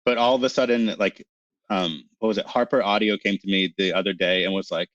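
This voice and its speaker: A man from Canada, a narrator guest in an interview, talking in an animated, excitable way and laughing often. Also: low-pitched, a little fast, muffled recording. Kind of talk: casual interview chat.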